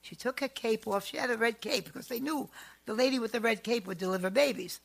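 A woman who works as a psychic, telling family stories in a chatty, animated and emphatic way. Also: a little high, fast, gravelly, breathy edge. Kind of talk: storytelling monologue.

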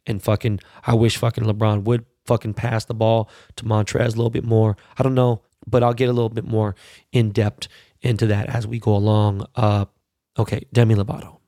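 A man's voice: on the low side, little pitch movement, fairly quick, warm tone, no room sound, studio quality. A man giving casual, profane, heated commentary as a podcast host, stressing points by repeating words.

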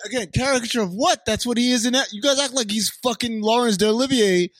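A man's voice: extremely high pitch, fast, a bit bright, no room sound, studio quality. A man co-hosting a casual podcast, arguing sarcastically and swearing a lot. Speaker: podcast co-host. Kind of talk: casual chat.

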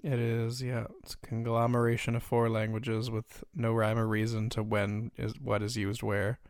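Gravelly man, dry close sound. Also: fairly low pitch, completely flat delivery, moderate pace, a little mellow, dry recording. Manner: chatty, swears freely, laughs at own jokes. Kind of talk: casual chat.

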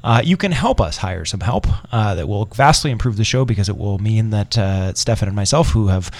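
A male radio host with a lowish voice, rambling and restarting as he goes, with a dry sarcastic edge. He sounds close to the mic in a dead, dry studio. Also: lively intonation, a little fast, no echo. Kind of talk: casual radio talk.

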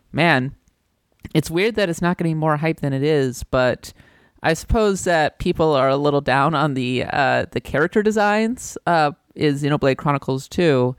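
A woman's voice: low-pitched, clear, resonant tone, no echo, studio quality. A woman with a light Minnesotan accent, co-hosting a casual gaming podcast in a wry, self-deprecating way. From Minnesota, United States. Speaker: podcast co-host.

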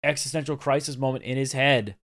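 A man co-hosts a casual podcast. His voice sits at an ordinary middle pitch, and he talks eagerly and breezily, with the odd swear word, as he walks through an episode scene by scene. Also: fairly even intonation, fairly quick, a bit bright. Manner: enthusiastic, swearing, acts out scenes in quoted voices. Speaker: podcast co-host. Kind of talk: casual chat recapping a TV episode.

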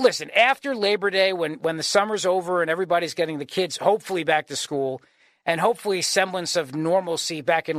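A man's voice: high-pitched, fairly bright tone, dry recording. A man hosting a political talk radio show, arguing emphatically and firing off rhetorical questions. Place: radio studio.

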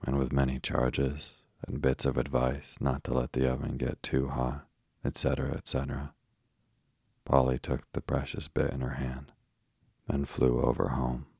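A man reading a children's story aloud as a bedtime narration, slow, soft and steady, with a husky voice. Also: a bass voice, no echo, clean studio sound.

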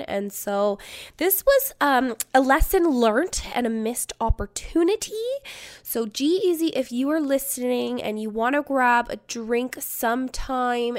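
Woman, 30s, podcast host, casual storytelling, profane, acts out quotes, slightly high voice.

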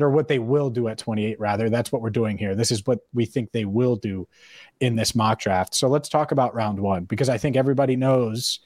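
Dry-sounding podcast host, opinionated. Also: male voice, medium pitch, a little mellow, dry recording. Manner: opinionated, thinks aloud with hypotheticals. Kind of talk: casual sports podcast chat.

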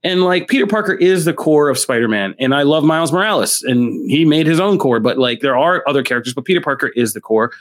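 A man co-hosting a casual comic book chat, blunt and opinionated in a steady way. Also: on the high side, quick pace, hardly any pauses. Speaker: comic book podcast co-host.

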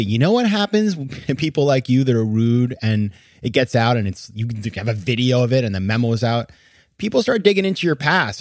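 A man's voice: mid-range voice, no echo. Man, podcast host, opinionated monologue, indignant, emphatic, dry close sound. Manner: indignant, emphatic, laughs in disbelief.

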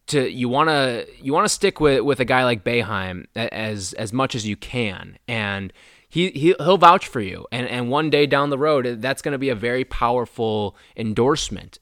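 A man's voice: mid-range voice, a bit bright, dry recording. Man co-hosting a sports podcast, dry sound. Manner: playful banter, stumbles and repeats words. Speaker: podcast co-host. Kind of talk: casual sports podcast chat.

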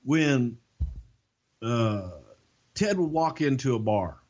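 An older man, co-hosting a podcast and telling a profane, lively backstage story. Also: mid-range voice, takes it slowly, muffled recording. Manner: profane, animated anecdote telling. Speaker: podcast co-host. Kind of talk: casual storytelling.

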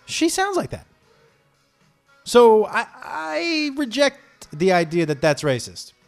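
A man telling a comedy story in a rambling way. He is animated and keeps jumping into digressions and impressions. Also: extremely high pitch, takes it slowly, vocal fry, faint music behind.

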